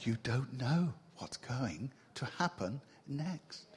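A male preacher giving a sermon to a congregation in a church, animated and humorous, teasing the room with rhetorical questions. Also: medium pitch, slow. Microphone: mic on a stage.

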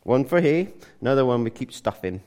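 A man's voice: mid-range voice, expressive, a little fast, a little mellow, lightly acted. A man voicing a dry, unimpressed Scottish farmer in a joke. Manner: dry, understated.

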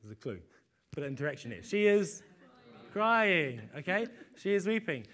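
High-voiced man preaching a sermon. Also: very animated, normal speed, fairly bright tone. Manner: conversational, repeats words, asks rhetorical questions.

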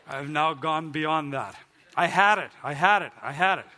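A middle-aged man preaching a sermon as pastor, telling a story with animated delivery that climbs high when he gets excited. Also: a little hiss or hum. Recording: long hall reverb.

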